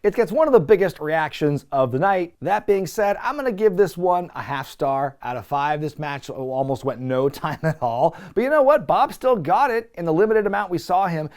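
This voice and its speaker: Male host, casual wrestling commentary; sarcastic, profane, high and animated delivery. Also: moderate pace, hardly any pauses. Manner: sarcastic, profane, laughing often.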